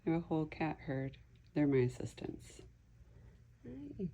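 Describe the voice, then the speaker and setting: Mom vlogger, middle-aged woman; low, mellow, gravelly voice, unhurried, coos and half-whispers to her pets at home. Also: big pitch swings, poor audio. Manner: coos softly to a kitten, often half-whispered. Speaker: mother and cat owner. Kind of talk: casual home vlog. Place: family home indoors.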